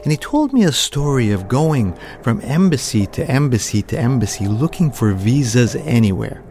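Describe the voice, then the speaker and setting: A man's voice: medium pitch, sing-song, normal speed, dark tone, soft background music. A man, a professional storyteller, narrating a personal story vividly and slipping into the voices of the people he quotes.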